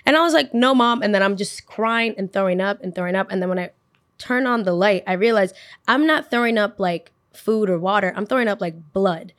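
A young podcast host tells a personal story in a casual, animated way, acting out what everyone said. Her medium-pitched voice runs a little fast and sounds studio quality, with no room sound.

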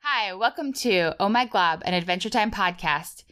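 A woman co-hosting a podcast in casual chat, playful and quick to laugh. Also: mid-range voice, expressive, fairly bright tone, clear, resonant tone, faint music behind. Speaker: podcast co-host.

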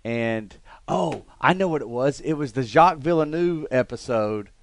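A middle-aged man from Alabama, telling animated stories and laughing often in a casual chat. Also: mid-range voice, moderate pace. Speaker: co-host.

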